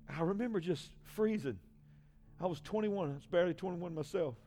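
A man in his forties, a pastor, giving an emotional personal testimony in a sermon, swinging from hushed to loud. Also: fairly high pitch, big pitch swings, brisk, soft background music. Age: 40s.

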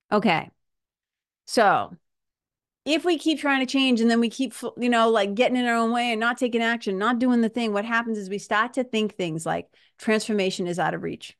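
Woman, podcast host, self-help monologue, animated, laughs often, restarts sentences, fairly high voice. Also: moderate pace.

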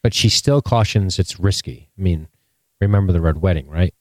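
A man with a very low voice co-hosts a podcast, keeping up crude, joking banter with his partner. His voice is recorded dry and close, with no room sound. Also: moderate pace, no echo. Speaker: podcast co-host. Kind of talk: casual chat.

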